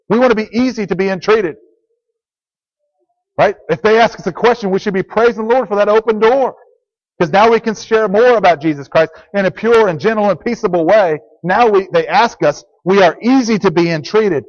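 A man's voice: sits high, a little fast. A man preaching a sermon to a congregation, earnest and plain, repeating key phrases as he teaches. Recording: dull lo-fi recording.

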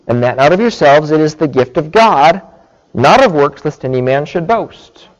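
A man preaching a sermon, explaining scripture slowly and deliberately and checking in with his listeners. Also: fairly high pitch, lively intonation, rough recording. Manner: slow, deliberate teaching with frequent "okay" check-ins.

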